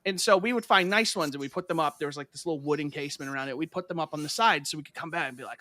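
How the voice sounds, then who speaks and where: A young man hosting a podcast, chatting casually and telling stories with animated voices. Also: fairly high pitch, rapid-fire, hardly any pauses, dry recording. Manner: animated storyteller, acts out voices when retelling. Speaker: podcast host. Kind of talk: casual chat.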